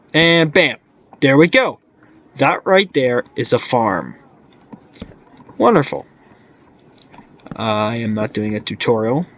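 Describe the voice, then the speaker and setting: A man's voice: medium pitch, slight background noise. A young man casually narrating his game as host, rambling and goofy, often cutting himself off. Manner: rambling, goofy, self-interrupting. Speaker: gaming channel host. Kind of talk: casual let's-play commentary.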